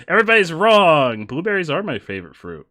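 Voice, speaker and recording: This streamer's voice sits on the high side, with a sharp tone and huge swings in pitch, at a moderate pace. He chats casually with viewers while gaming, joking, laughing often and reading chat out loud.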